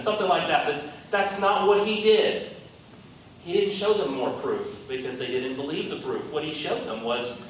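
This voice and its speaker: A man preaching a conversational sermon, telling stories in a lively, animated way. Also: medium pitch. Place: large hall, worship service. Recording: echoey hall from far off, faint noise.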